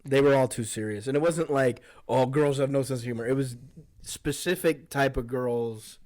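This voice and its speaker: A young man guesting on a podcast, recalling school days in casual chat with relaxed, dry asides. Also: mid-range voice, normal speed.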